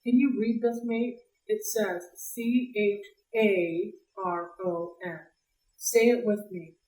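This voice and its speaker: A woman's voice: mid-range voice, normal speed, a little mellow, close to an everyday voice. Woman doing silky mocking male ferryman of the dead, cold and greedy, faint british lilt, roomy distant recording.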